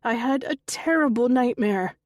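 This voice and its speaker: A woman's voice: a little high, normal speed, no echo, studio quality, voice pushed up, natural voice. A woman narrator voicing an older mother who shrieks frantically during a night terror in an audiobook. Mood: dazed.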